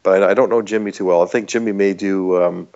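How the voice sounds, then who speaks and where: A man's voice: sits low, fairly even intonation, fast, darkish tone, highs cut off. A man from Canada with a Canadian accent, a guest chatting casually and earnestly in an interview, with some restarts. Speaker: podcast guest.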